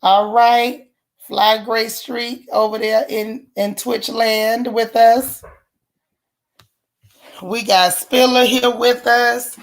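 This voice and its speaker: A woman hosting a casual morning livestream, chatting in a colloquial way and greeting viewers one by one by name. Her voice is a little hoarse as it recovers. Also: on the high side, steady tone, extremely slow. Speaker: livestream host.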